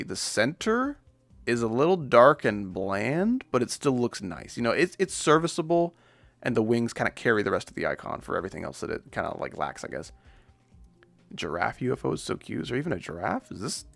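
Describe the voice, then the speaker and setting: A man's voice: fairly low pitch, big pitch swings, fairly quick, vocal fry, fairly bright tone, faint music behind. A man streaming casual gaming commentary, rambling and joking at his own expense. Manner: rambling, jokey, self-deprecating.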